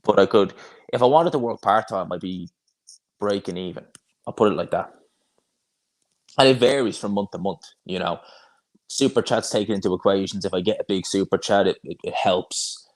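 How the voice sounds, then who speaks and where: A man's voice: low voice, moderate pace, long pauses. Chatty man on a live stream. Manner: chatty, rambling, frequent restarts and fillers. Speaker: boxing YouTuber hosting a live watch-along. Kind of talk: casual live-stream chat reading viewer comments.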